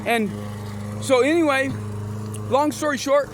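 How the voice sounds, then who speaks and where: A man's voice: very high voice, unhurried, background noise. A man casually telling motivational stories, rambling and restarting often, with scripture mixed in. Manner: mixes in scripture quotes. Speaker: motivational storyteller.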